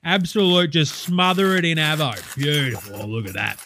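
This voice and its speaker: A man's voice: a little high, very animated, normal speed, sharp tone, slight background noise, full character voice. A man doing a brash sweary Aussie TV cook. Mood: cheerfully crude. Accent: Australian. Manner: crude, blokey, boastful, sweary. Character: brash crude Aussie bloke hosting a TV cooking show.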